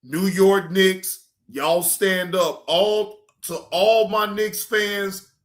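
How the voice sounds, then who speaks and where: A man hosting a reaction show in casual livestream talk, slangy and profane, repeating himself and swinging from loud hype to quiet asides. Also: high-pitched, fairly even intonation, drawn-out words.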